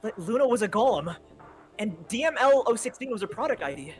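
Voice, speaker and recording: A man's voice: sits high, lively intonation, a little fast, faint music behind. A man co-hosting a game stream over a voice call, reading lines with exasperated energy and laughing easily. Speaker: co-host reading game dialogue. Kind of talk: casual live-stream play-through. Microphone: headset over voice call.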